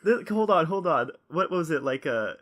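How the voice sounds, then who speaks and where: A young man co-hosting a casual podcast, excitable and quick to laugh. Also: fairly high pitch. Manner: excitable, animated, laughs a lot. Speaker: podcast co-host. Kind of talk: casual chat.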